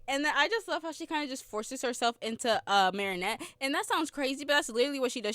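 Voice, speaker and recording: A woman's voice: high voice, expressive, fast talker, hardly any pauses, fairly bright tone, no echo, studio quality. A young woman with a slightly sore throat hosts a podcast, chatting casually and giggling through a rambling film review. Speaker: podcast host.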